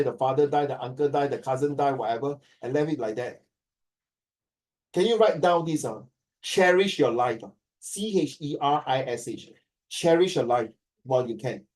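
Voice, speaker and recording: A Singaporean man leads a classroom lesson in an animated, storytelling way, mixing languages freely. His voice sits a little high with a warm, mellow tone. He sounds distant, picked up by a mic well away from him. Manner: animated, code-switching, acting out quoted dialogue. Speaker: teacher. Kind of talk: classroom talk to students.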